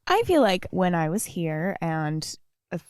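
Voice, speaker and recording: A woman's voice: on the low side, big pitch swings, unhurried, clear, resonant tone, no echo, studio quality. A woman hosting a podcast, telling stories candidly in casual chat.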